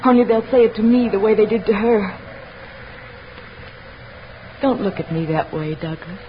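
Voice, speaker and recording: A woman's voice: mid-range voice, moderate pace, slight background noise, close to an everyday voice. A woman playing a scheming, unhinged young woman. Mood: obsessive. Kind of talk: 1940s radio acting. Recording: dull lo-fi old radio recording.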